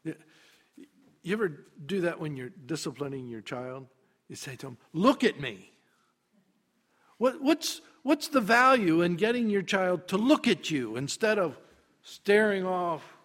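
A man preaching a sermon, dramatic, dropping to a hush and then rising to loud emphasis. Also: high-pitched, expressive, unhurried.

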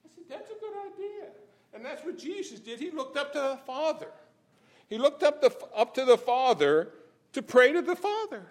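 A man preaching a sermon, telling the story with chuckles, emphatic exclamations and shifts between soft and loud passages. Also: very high-pitched, very animated, moderate pace.

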